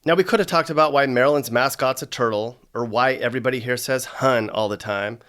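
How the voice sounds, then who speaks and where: Man with deadpan sarcastic narration. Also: mid-range voice, fast talker, smooth. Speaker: host. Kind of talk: comedic scripted narration.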